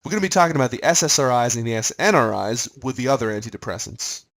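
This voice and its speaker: A man's voice: mid-range voice, expressive, quick pace, fairly bright tone, rough recording. A man giving a recorded pharmacology lecture in a conversational way, quizzing his listeners as he goes.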